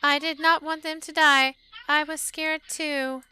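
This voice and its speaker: A woman voicing a haunted antique doll in a video game, repeating apologies in a high, childlike, robotic monotone. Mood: eerie, repetitive. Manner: slow, mechanical repetition.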